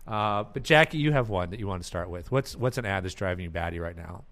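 A man hosting a casual marketing podcast, talking in an animated way and acting out ad characters with laughs. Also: low-pitched, fast talker. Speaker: podcast host. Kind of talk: casual chat.

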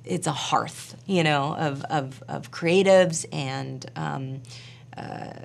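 Gravelly, low-voiced woman telling a story. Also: slow. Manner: animated, chatty, full of fillers and quoted asides. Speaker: actor and film director. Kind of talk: casual interview storytelling.

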